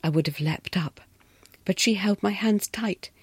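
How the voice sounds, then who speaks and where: A woman's voice: mid-range voice, unhurried, a little mellow, slightly rough, no echo, studio quality. A woman narrating a story expressively, often dropping into a whisper.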